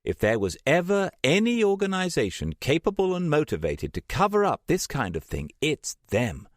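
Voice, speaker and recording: A man's voice: fairly high pitch, wildly swooping pitch, normal speed, dry recording, studio quality, pitched above the performer's own voice. A man voicing an earnest, driven woman archaeologist. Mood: intense.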